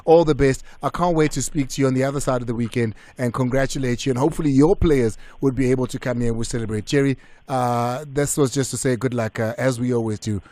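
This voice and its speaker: A man with a South African accent hosting a live radio sports show, energetic and switching between English and isiZulu. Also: mid-range voice, quick pace, dry recording.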